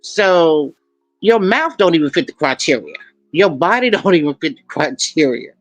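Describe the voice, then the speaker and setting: A man's voice: on the high side, big pitch swings, normal speed, faint music behind, poor audio. A male commentary host reacting skeptically to a clip, scoffing and repeating his points.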